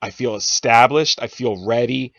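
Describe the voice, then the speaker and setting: Male podcast host, relaxed rambling questions, lo-fi dry recording. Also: mid-range voice, moderate pace, gravelly, no room sound. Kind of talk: casual interview questions. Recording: dull lo-fi sound, dry.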